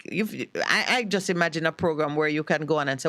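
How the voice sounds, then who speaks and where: A Jamaican woman hosting a morning radio talk show, chatting in a playful, animated way and explaining things at length. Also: deep voice, fast talker, few pauses, no echo. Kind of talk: casual morning radio chat. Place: radio studio.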